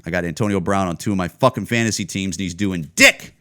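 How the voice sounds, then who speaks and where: In his forties, a man hosts a casual solo podcast and rants heatedly about football, rambling and swearing heavily. His voice is low and sharp, and he talks fast. He records on a home camera setup.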